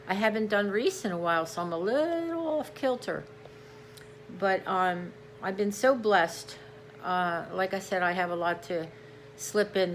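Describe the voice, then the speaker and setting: A woman's voice: on the low side, a little hiss or hum. A tired woman talking casually at home in a rambling crafts vlog, restarting her sentences often. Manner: rambling, warm-hearted, with many restarts. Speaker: craft vlogger. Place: at home, on a couch.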